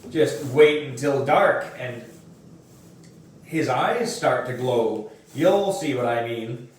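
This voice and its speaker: Sneaky whispery bully kid, man reading it, slow, echoey room far from the mic. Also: medium pitch, animated, a little hiss or hum. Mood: taunting. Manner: whispery, teasing. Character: sneaky taunting boy bully.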